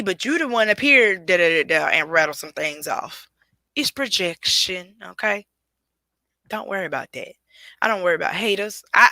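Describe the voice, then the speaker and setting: Bright, emphatic woman podcast host. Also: on the low side, no room sound. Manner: emphatic, preachy, addresses listeners directly. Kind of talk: solo podcast talk.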